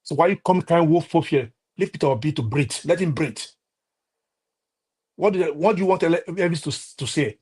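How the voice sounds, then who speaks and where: A man with a Nigerian accent giving heated political commentary on a live stream, scolding and halting with many restarts. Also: fairly high pitch, darkish tone, husky.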